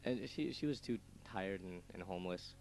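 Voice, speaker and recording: A man's voice: low-pitched, lively intonation, normal speed, gravelly, a little mellow. A young man co-hosting a casual radio show, rambling through stories with lots of stammered restarts and laughs at his own jokes.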